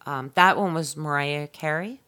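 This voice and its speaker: Her voice is notably low with a sharp tone, and she speaks a little slowly as a middle-aged podcast co-host in casual conversation. She's inquisitive and mischievous, ribbing her partner and rattling off questions.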